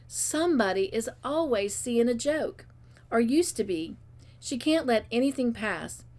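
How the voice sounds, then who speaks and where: Lady reading an old novel out loud, acts out the characters. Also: fairly high pitch. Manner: expressive reading with character voices. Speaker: storybook reader.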